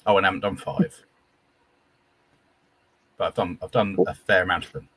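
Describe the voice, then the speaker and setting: A young man with a low, slightly husky voice talks casually as a guest on a live stream. He keeps restarting his sentences, eager to get everything out. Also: fairly even intonation, moderate pace, a bit bright, no echo. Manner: chatty, stumbling restarts, enthusiastic about engines.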